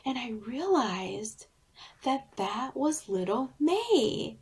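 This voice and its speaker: A woman author and therapist tells a deeply personal story in an interview. She speaks slowly and deliberately in a fairly high voice. She sounds earnest and heartfelt throughout. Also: sing-song, slightly rough.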